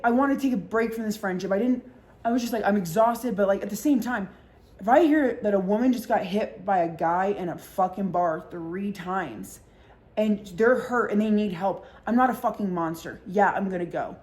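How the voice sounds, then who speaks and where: Woman vlogger, casual storytime, swears a lot, rambling with fillers, mid-pitched voice, acts out quoted voices. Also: moderate pace, a little mellow.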